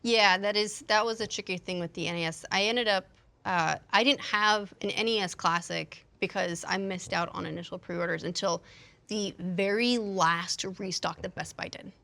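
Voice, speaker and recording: A woman's voice: mid-range voice, fairly even intonation, normal speed, vocal fry, pushed and bright. A woman hosting a casual gaming podcast, chatty and enthusiastic. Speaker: host.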